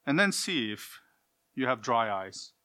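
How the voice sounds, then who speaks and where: Male preacher, mid-range voice, earnest and pleading, swings between loud and quiet, asks the congregation direct questions. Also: medium pitch, sing-song, a little slow. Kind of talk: sermon.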